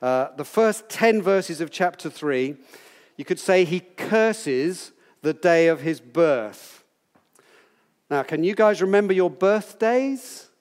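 A man's voice: high-pitched, animated, slow, darkish tone, in a large hall. A man in his sixties, possibly from Britain, teaching a Bible passage to a group in a chatty, playful way, quizzing his listeners as he goes. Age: 60s.

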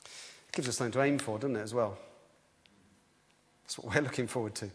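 A man preaching a sermon in a lively, conversational way, often restarting his sentences. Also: medium pitch, fairly quick, a little hiss or hum. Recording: long hall reverb.

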